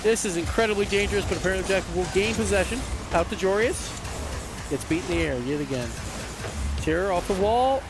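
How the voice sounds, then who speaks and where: A man doing esports color commentary, excitable and full of oohs. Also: high voice, fairly quick, noisy background.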